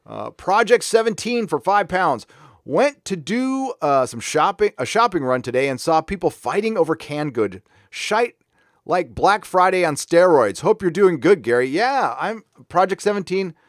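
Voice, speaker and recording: A man's voice: high voice, very animated, moderate pace, no room sound, clean studio sound. Rambling, offhand male live-stream host. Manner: rambling, offhand, laughs easily, frequent fillers and restarts. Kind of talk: casual live stream chat reading viewer comments.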